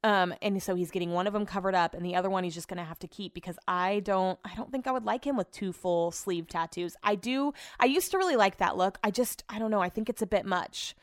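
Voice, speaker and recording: A woman's voice: mid-range voice, fast, few pauses, no room sound, clean studio sound. A young adult woman hosting a podcast on her own, telling stories in a candid, chatty way with some swearing. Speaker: podcast host. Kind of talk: casual solo podcast chat.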